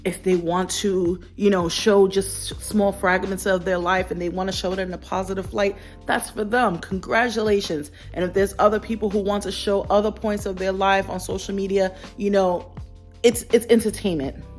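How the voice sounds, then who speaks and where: Woman vlogger, candid and heartfelt talk to camera, repeats herself for emphasis, soft music under. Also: mid-range voice, fairly even intonation, moderate pace. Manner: earnest, reflective, repeats phrases for emphasis. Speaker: lifestyle vlogger.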